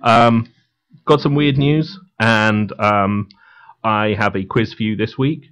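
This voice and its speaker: A man's voice: fairly low pitch, slow, a bit bright. A man co-hosting a casual talk radio show, joking and teasing. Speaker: co-host.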